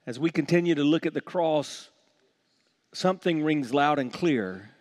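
A man preaching a sermon as pastor, swinging from loud emphasis to hushed quiet and slowing down to stress key words. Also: on the high side, lively intonation.

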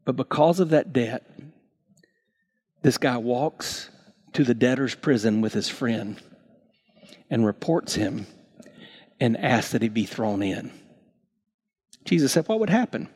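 A male pastor preaching a sermon, telling stories and acting out the characters with big swings in pitch and volume, often restarting his words. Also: expressive, unhurried, pauses often, darkish tone, breathy edge. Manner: stammering restarts.

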